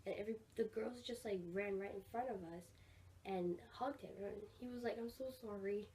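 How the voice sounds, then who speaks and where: A teenage girl telling a rambling, excited story for her vlog, full of "like" and "oh my gosh". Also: medium pitch, moderate pace. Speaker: vlogger. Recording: somewhat distant mic with faint room noise.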